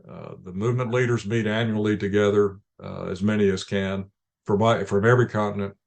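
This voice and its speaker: A man with a fairly low voice tells stories in an interview. He speaks calmly and in measured anecdotes, often restarting his sentences as he goes. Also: creaky. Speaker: ministry leader guest. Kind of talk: interview storytelling.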